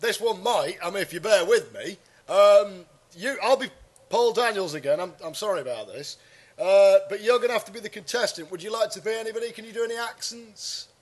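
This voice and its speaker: A man's voice: sits high, a little fast. A man hosting a casual comedy podcast, rambling and crude, with lots of fillers.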